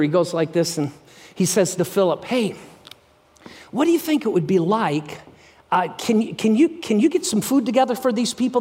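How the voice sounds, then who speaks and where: High-voiced energetic male preacher. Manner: energetic, animated preaching with sudden hushed passages. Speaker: pastor. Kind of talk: sermon.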